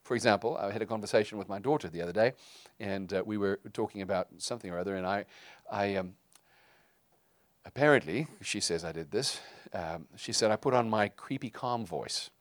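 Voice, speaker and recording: Middle-aged guy pastor giving a sermon, lowish voice, chatty with lots of uhs, dry close sound. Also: a little fast, no echo. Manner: conversational, with frequent fillers and restarts.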